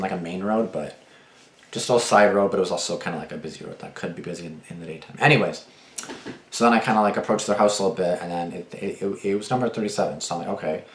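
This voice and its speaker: A deep-voiced man rattles off a late-night story at speed, full of swearing, restarts and "like"s. He is a reaction video host talking casually, and his voice rings in an echoey room. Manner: profane, rambling, many restarts and fillers.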